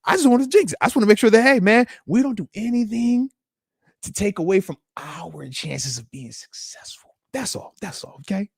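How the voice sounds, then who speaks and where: Male live-stream host in his thirties, slangy and teasing, high voice, dry close sound. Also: brisk, creaky, slightly rough, dry recording. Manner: animated, slangy, teasing, says man a lot. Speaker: live show host, retired football player. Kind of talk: casual live-stream chat reading comments.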